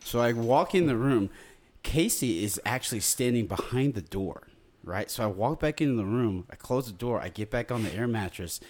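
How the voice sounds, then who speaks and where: Animated man with quick profane asides. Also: medium pitch. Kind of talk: casual chat among friends.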